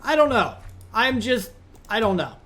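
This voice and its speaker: A man's voice: extremely high pitch, big pitch swings, a little slow, fairly bright tone. A man hosting a modded game let's play, talking casually through his gameplay with rambling asides and easy exasperation.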